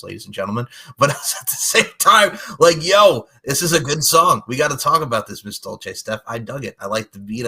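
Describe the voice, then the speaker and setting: A man hosting a podcast in an animated, slangy casual chat full of pop culture references. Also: on the low side, creaky, husky. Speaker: podcast host.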